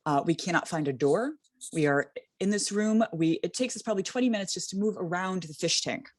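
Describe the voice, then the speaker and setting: A young adult woman telling a comedic party story in casual chat, animated and laughing, with lots of fillers. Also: lowish voice, fairly quick, dry recording, studio quality. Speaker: guest storyteller.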